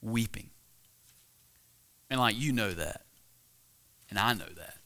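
Preaching his weekly sermon in a relaxed, conversational manner, a young pastor puts questions to the congregation and frequently begins sentences again. His voice is fairly low-pitched and slow, yet bright and forceful.

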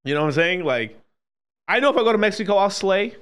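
Animated, profane man ranting. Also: fast, clear, resonant tone. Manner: animated, profane, swings between loud and low. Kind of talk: casual profane rant.

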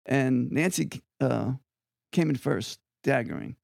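An older man from Long Island, a guest musician telling rambling, animated stories with frequent asides in an interview. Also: medium pitch, slow, creaky, dry recording, studio quality. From Long Island, New York. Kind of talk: anecdotal storytelling in an interview.

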